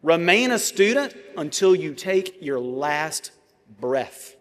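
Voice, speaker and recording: A man, giving a commencement address with measured oratory, dramatic pauses and vivid storytelling. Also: a little high, very animated, a bit bright. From Georgia, US. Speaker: commencement speaker. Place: large ceremony venue. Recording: long reverb of a large venue.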